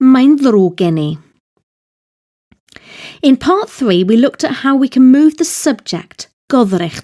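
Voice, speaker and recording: Female language teacher, scripted lesson, slow measured delivery, fairly high voice. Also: mellow. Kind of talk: scripted Welsh grammar lesson.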